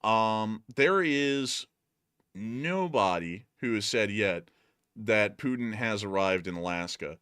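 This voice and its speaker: A man with a lowish, slightly bright, smooth voice hosts a casual war news livestream at a slow, animated pace. He jokes, puts on funny voices and uses plenty of fillers while commenting on the news, and the recording is dry and studio quality.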